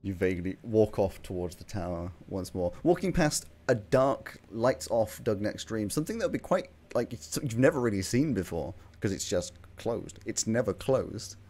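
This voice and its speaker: A man's voice: on the low side, animated, moderate pace, hardly any pauses, darkish tone. A young man running a tabletop game as game master, joking and laughing often as he narrates.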